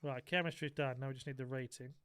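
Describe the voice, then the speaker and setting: Bright-voiced gaming streamer. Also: male voice, medium pitch, fairly even intonation, fast, smooth, no echo, clean studio sound. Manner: banters with chat, jokey, self-described moaner. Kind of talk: casual live-stream chat.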